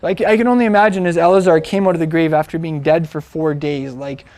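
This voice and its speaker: A man's voice: on the high side, steady tone, fast, darkish tone, no echo. A man teaching from the Bible in a casual storytelling way, with many fillers and restarts as he retells the story conversationally.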